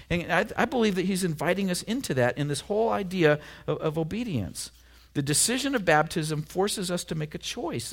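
A man's voice: on the high side, gravelly. A middle-aged man from Oregon preaching a sermon in a conversational, storytelling way with self-deprecating humor. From Oregon, USA. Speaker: pastor.

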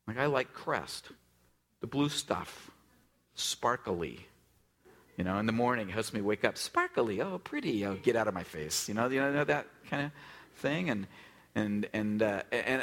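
A man in his forties preaches a sermon like he's chatting with friends, full of fillers and little jokes. His pitch swings widely as he acts out other people's lines, then sinks to a hush to drive a point home. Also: slightly rough. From US West Coast. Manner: conversational, jokey storytelling with many fillers; acts out quoted voices, drops to a hush for emphasis. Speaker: pastor.

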